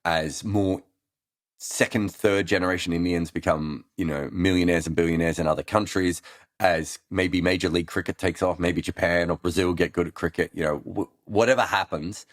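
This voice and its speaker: Speaking at a moderate pace with a low, fairly even voice, a man hosts a casual live cricket Q&A and answers listeners as an analyst. He rambles, uses many ums and restarts, and the studio-quality recording has no echo.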